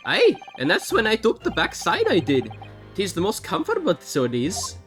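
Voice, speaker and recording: A woman's voice: mid-range voice, huge pitch swings, normal speed, faint music behind. A woman voicing a jovial older Irish man, a witness, in an exaggerated put-on Irish accent with a folksy, theatrical delivery. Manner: folksy brogue, theatrical reading. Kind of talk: game dialogue read aloud.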